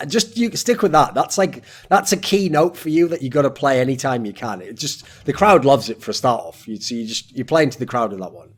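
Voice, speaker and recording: A man's voice: mid-range voice, animated, brisk, few pauses. A British man hosting a casual podcast, bantering in a teasing, rambling, profane way. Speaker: podcast host.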